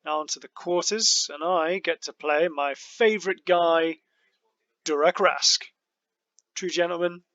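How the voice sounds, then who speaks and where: A man's voice: on the high side, unhurried, a bit bright, dry recording, lo-fi sound. A man giving casual, rambling commentary over his card game matches, often joking at his own expense. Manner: rambling, self-mocking, many fillers.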